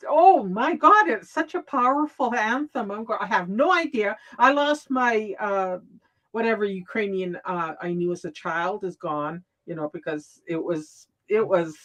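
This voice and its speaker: A woman speaking at a slow, unhurried pace in a casual online chat. She stops and restarts her sentences often and breaks into laughs between points. Her pitch sits in an ordinary middle range. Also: a bit bright, highs cut off.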